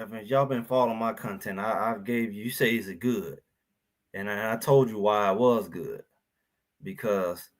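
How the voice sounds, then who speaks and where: A man hosting a live sports talk show, talking casually and animatedly about college football, slipping into quoted voices. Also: lowish voice. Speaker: show host.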